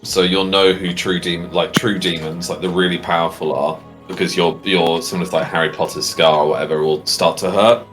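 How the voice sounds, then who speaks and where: A man narrating as game master of a tabletop role-play, halting and full of fillers and restarts. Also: sits low, flat delivery, a bit bright, soft background music.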